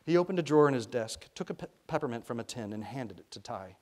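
A man from Arkansas, an author reading his own fiction aloud in a lively, expressive way. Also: mid-range voice, fast, hardly any pauses.

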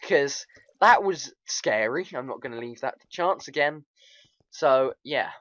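A man giving rambling, excitable commentary over his game, chatting to viewers and laughing often. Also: medium pitch, unhurried, no echo, lo-fi sound. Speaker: gaming video host.

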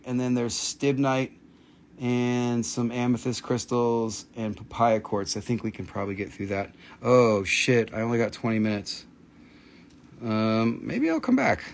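A man running a live gem sale in loose, casual patter. He fires off prices bluntly and swears without a second thought, in a voice of ordinary middle pitch. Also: fairly bright tone. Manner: blunt, swears freely, quick price calls. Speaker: host of a live gemstone sale.

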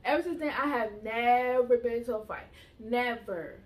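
A young woman joining her mother in casual chat, talking in an animated, boastful way. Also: a little high, moderate pace. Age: young adult. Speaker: host's daughter, co-guest.

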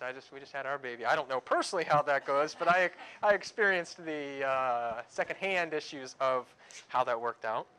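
A man's voice: a little high, pushed and bright. A young male pastor preaching a conversational sermon, with joking asides and acted-out groans.

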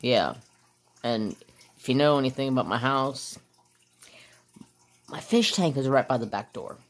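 A man's voice: mid-range voice, a little slow. A man hosting a crafting channel, chatting casually while he works and often losing his train of thought.

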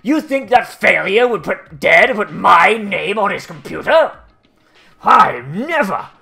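A woman's voice: medium pitch, sing-song, unhurried, vocal fry, bright, forceful tone, voice pushed up, heavily acted. A woman voicing a haughty, scornful young woman detective in a mocking, indignant tone. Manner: indignant, mocking sing-song.

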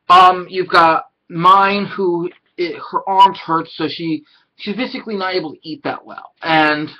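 A man's voice: on the high side, pushed and bright, muffled recording. A man in his thirties casually reviewing an anime episode, rambling through the plot and acting out the characters' lines. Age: 30s. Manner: rambling plot retelling, acts out character quotes.

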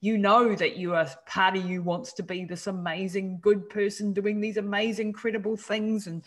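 A woman's voice: medium pitch, level tone, moderate pace. A woman hosting a podcast interview, affirming her guest and laughing often. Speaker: podcast host. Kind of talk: conversational interview.

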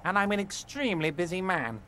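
An actor playing a large, smooth-talking union boss who is friendly on the surface and manipulative underneath. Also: male voice, sits high, animated, fairly quick, bright, forceful tone, a little hiss or hum. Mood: scheming. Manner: oily, soothing, overly friendly. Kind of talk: video game voice acting.

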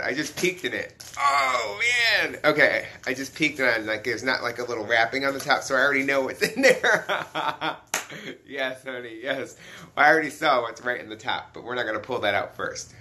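Excitable bright-voiced man unboxing toys. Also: mid-range voice, slight background noise. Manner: excitable, chatty, greets viewers by name, frequent gasps and laughs. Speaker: toy collector hosting a live stream. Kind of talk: casual live-stream unboxing chat.

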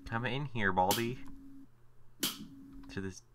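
A man's voice: lowish voice, takes it slowly, background noise. A man giving let's play commentary, exasperated and swearing as he talks to himself. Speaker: gameplay commentator. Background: game music.

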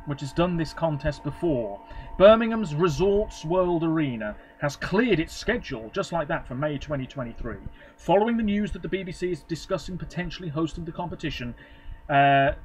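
Man, vlogger, slightly high voice, rambling offhand reading, faint background hum. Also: rough recording. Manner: rambling, offhand, self-correcting. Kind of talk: casual commentary reading from web pages.

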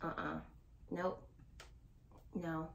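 A woman's voice: fairly low pitch, flat delivery, extremely slow, a little hiss or hum. A woman giving a casual tarot reading to her viewers. She talks in a rambling, blunt way, swears now and then, and laughs nervously. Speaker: tarot reader. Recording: roomy echo.

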